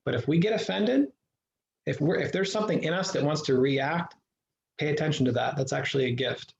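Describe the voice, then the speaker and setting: A man's voice: a little high, brisk, creaky. A man telling his life story as a guest in an interview, earnest and reflective, often restarting his sentences. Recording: echoey room, dull lo-fi sound.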